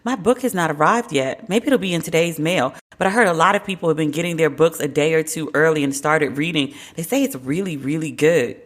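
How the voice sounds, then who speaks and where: A woman's voice: low-pitched, brisk, hardly any pauses. Wry, candid woman hosting a podcast. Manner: candid and wry, with playful quoted asides. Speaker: podcast host. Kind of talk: casual solo commentary.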